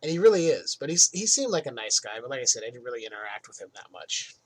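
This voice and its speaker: A man hosting a podcast, telling casual anecdotes from his old job in an animated way. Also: medium pitch, quick pace, slightly rough. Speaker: podcast host. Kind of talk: casual storytelling monologue.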